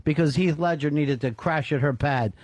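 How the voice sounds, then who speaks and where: A man hosts a talk radio show and trades profane, wry jokes with his co-host and callers. His voice sits a little high, and the studio sound is dry and close. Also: normal speed, darkish tone, dry recording. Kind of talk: casual radio chat, taking callers. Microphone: studio microphone.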